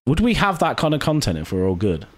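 Guy rambling on a chill podcast, swears loads, middle pitched voice. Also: wildly swooping pitch, quick pace. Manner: swears a lot, rambling and jokey. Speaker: podcast host. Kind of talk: casual chat. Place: hot indoor room.

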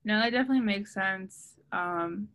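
A young woman hosting a casual chat, speaking in a relaxed, hesitant way with fillers. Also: mid-range voice, moderate pace. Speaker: podcast host.

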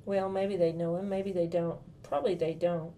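A woman's voice: on the low side, flat delivery, normal speed, warm tone, slight background noise. A woman reading a first-person storybook as a young girl, in a bubbly, gushing manner full of childlike enthusiasm.

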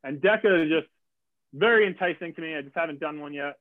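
A man telling a race story in casual chat, acting out quotes with lively jumps in his voice. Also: fast, no echo. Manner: animated, acts out quotes with big pitch jumps. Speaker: guest athlete. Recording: tinny phone-like line.

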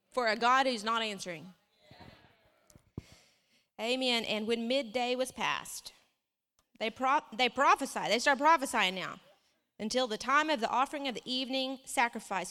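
A woman preaching a sermon, reading scripture aloud with lively asides. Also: fairly high pitch, normal speed. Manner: animated, reads scripture aloud with asides and laughs. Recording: long reverb of a hall.

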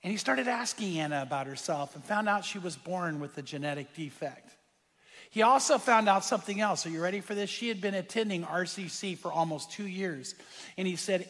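A man with a somewhat high, husky voice preaches a sermon, telling a story and turning to his listeners to draw them in. His words ring out with a long reverb from a large church hall. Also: brisk, fairly bright tone. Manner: earnest storyteller who addresses the congregation directly. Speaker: pastor.

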